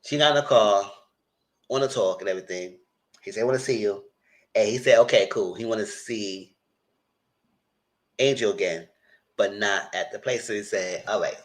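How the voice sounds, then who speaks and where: A man's voice: fairly low pitch, moderate pace, pauses often. A man giving a casual live recap of a TV episode, talking straight to his viewers and acting out the characters' lines as he goes. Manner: animated, acts out characters' lines in quotes; chatty, addresses viewers directly. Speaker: TV show reviewer.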